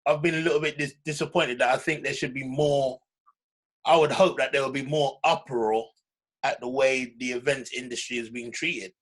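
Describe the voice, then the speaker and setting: A man's voice: medium pitch, fairly even intonation, normal speed, fairly bright tone, low-quality recording. A man in casual conversation, earnest and asking friendly questions.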